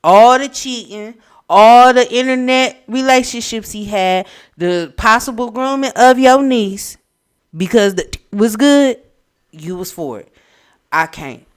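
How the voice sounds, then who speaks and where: A woman co-hosting a casual reality TV recap podcast, speaking in with a blunt, opinionated, animated manner. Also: on the high side, unhurried, clean tone. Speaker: podcast co-host.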